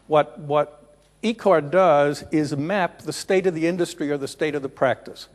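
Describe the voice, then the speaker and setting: A middle-aged man delivers a conference presentation in an unhurried lecturing voice, pausing often to restate a point. His voice sits slightly high for a man. It carries with long reverb through a large conference hall. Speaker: conference keynote speaker.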